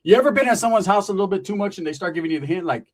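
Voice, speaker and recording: A middle-aged man spins a profane comic story full of slang and swagger. His voice sits a little higher than most men's. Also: expressive, rapid-fire. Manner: swaggering, slangy, swears constantly. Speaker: stand-up comedian.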